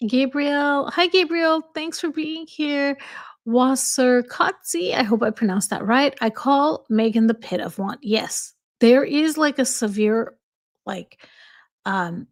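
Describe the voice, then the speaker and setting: A woman with a slight accent hosting a casual livestream chat, reading viewer comments aloud and answering them. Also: high voice. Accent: slight foreign accent.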